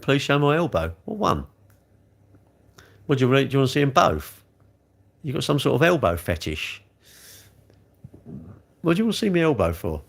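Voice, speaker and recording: Man in his sixties, gravelly and animated, hosts a live stream and banters with the chat. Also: medium pitch, normal speed, long pauses. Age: 60s. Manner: chatty, jokey, answering viewers' comments. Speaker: livestream host reading chat.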